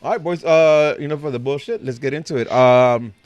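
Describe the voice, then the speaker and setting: A man hosting a casual sports podcast, joking and cursing freely. He talks fast at a middle pitch. The sound is dry and close. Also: a little mellow, clean tone, no echo, lo-fi sound. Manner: laid-back, joking, swears freely. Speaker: podcast host.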